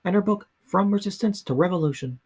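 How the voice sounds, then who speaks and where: A man reading a history book aloud in a soft ASMR style, slow and halting, often stumbling and restarting words. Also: high-pitched, slightly rough. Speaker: ASMR reader.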